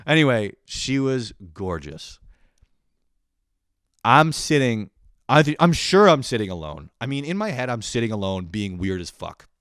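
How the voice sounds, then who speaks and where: A man's voice: low voice, clean tone, no room sound, clean studio sound. A man hosting a podcast, telling a casual comedic story with lots of swearing and acting out his own panicked inner voice. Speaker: podcast host.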